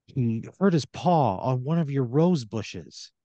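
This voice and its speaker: A man's voice: medium pitch, expressive, takes it slowly, mellow, dry recording, dull audio, pitched above the performer's own voice. A man voicing a prim, stubborn woman neighbor who is curt and coolly polite.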